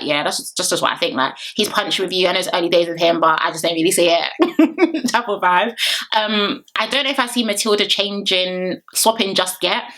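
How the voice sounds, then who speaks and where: Chatty woman reviewing reality TV. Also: mid-range voice. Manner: chatty, animated, laughs often. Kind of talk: casual recap vlog.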